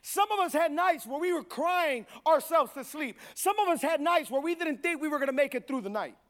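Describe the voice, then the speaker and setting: A man pastor preaching a sermon, building to loud repeated refrains and acting out quick quoted voices. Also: extremely high pitch, animated. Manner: preaching with rising volume, repeated call-and-response phrases.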